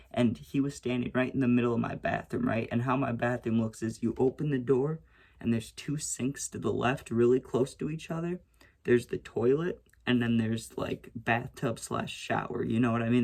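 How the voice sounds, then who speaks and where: A man's voice: medium pitch, vocal fry. A young man rambling through a casual storytime, tagging lines with "right?" and swearing freely. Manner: rambling, frequent "right?" and "you know what I'm saying"; swears freely, acts out shouted quotes.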